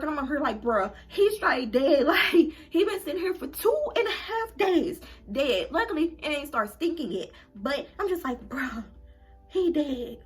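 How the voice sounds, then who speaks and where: A young adult woman telling a story for her vlog in an animated, emphatic, slangy way. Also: high-pitched, husky. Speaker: vlogger.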